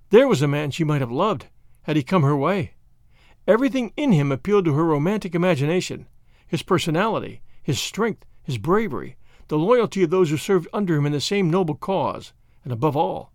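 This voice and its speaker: Male audiobook narrator, slightly high voice, lively intonation, dry close-miked read. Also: dry recording. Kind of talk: scripted narration of a classic novel.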